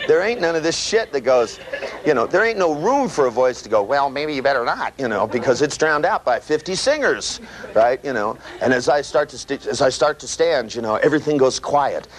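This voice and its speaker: A man giving a live seminar lecture, animated and profane, full of "you know" and "right", acting out sounds with his voice. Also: medium pitch. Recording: noisy old tape recording with clicks.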